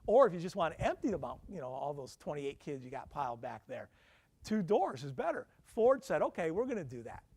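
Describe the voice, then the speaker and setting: A man's voice: fairly high pitch, sing-song, brisk, darkish tone, husky. A man, a professor, giving a conversational lecture to alumni, peppering the room with questions and self-deprecating asides. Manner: conversational, quizzing the audience with questions.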